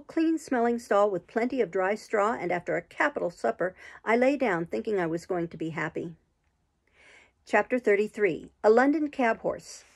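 A woman reading a classic novel aloud in slow, measured storybook narration. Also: on the high side. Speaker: audiobook reader.

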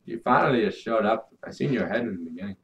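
A man doing video game commentary, yelling and cursing at the game as he plays. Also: lowish voice, expressive, fast, lo-fi sound. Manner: yells and curses at the game. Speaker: gameplay commentator.

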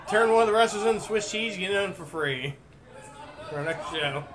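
A man's voice: high-pitched, animated, normal speed, crowd noise. A man co-hosting a casual chat, teasing and laughing with mock-dramatic outbursts. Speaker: podcast co-host. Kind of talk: casual wrestling commentary chat.

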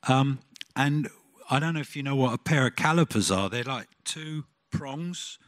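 An older man, a concert promoter telling lively anecdotes on a conference stage and acting out the people he quotes. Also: medium pitch, moderate pace. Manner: animated anecdote-telling, acts out quotes, laughs at own story.

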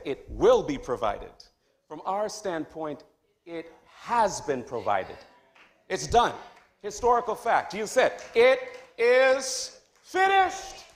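A man preaching a sermon as pastor of a church, dropping to hushed tones and then rising to loud, high exclamations. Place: church sanctuary.

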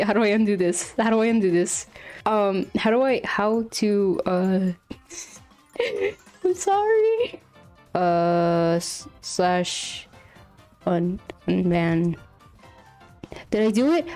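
A woman's voice: mid-range voice, unhurried, darkish tone, faint music behind. A young woman streaming live while drawing, flustered and apologetic, often laughing and exclaiming as she talks to her chat.

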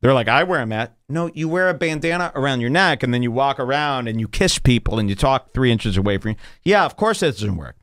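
Animated, swearing male podcast host. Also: medium pitch, brisk, few pauses, no echo, clean studio sound. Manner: animated rambling storytelling, swears freely. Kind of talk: casual chat.

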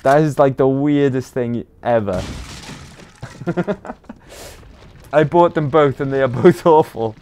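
A man's voice: mid-range voice, takes it slowly, long pauses, darkish tone. A man with a British accent, chatting casually to viewers while livestreaming a game, rambling with lots of ums and uhs. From Britain. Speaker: game streamer.

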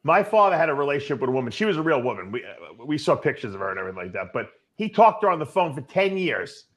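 A man's voice: medium pitch, big pitch swings, rapid-fire, a bit bright. A man hosting a casual conversation, talking in a reflective, chatty way. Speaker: host.

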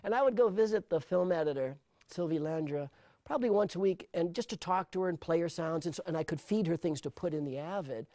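Middle-aged male sound designer, animated interview storyteller, a bit high-voiced, close and dry. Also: quick pace, no echo. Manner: animated storyteller, repeats words when starting thoughts. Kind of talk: interview conversation.

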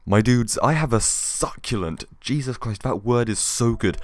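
A man's voice: medium pitch, moderate pace. Rambling young man, ill-sounding voice. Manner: excitable, rambling, swears casually. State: ill, voice worn. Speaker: gaming video host. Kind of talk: casual gaming theory vlog.

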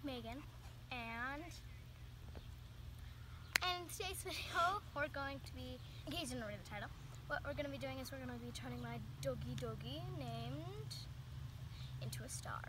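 A woman's voice: high-pitched, moderate pace, long pauses, background noise. A woman vlogging casually outdoors while washing her dog, chatting to viewers with rambling asides. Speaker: pet vlogger. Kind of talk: casual vlog talk to camera.

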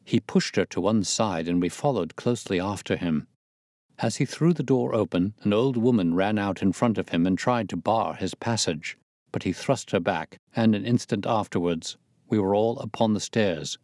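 A male narrator reads a classic mystery in a steady, measured way. His voice sits low, and the recording is close and dry. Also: dry recording. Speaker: audiobook narrator. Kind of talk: scripted narration.

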